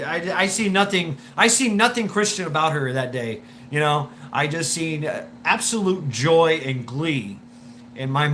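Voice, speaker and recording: A man's voice: fairly high pitch, sharp tone, slight background noise. A man hosting a live stream, telling a story in a rambling way with swearing, laughs and many restarts.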